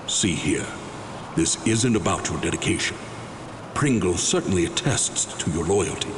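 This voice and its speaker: An actor voicing a formal, officious secret service superior with a clipped manner. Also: male voice, low-pitched, expressive, normal speed. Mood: stern. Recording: reverberant noisy game audio.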